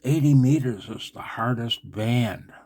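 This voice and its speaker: Husky man in a slow, fed-up rant. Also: mid-range voice, a little mellow. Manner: exasperated, swearing, repeats "man". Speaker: ham radio vlogger. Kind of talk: heated rant to camera.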